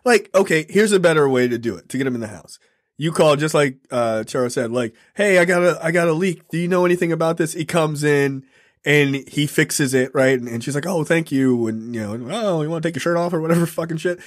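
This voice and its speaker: A man's voice: fairly high pitch, lively intonation, a little fast. A man co-hosting a casual film review podcast, blunt and profane, laughing at the script. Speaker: podcast co-host.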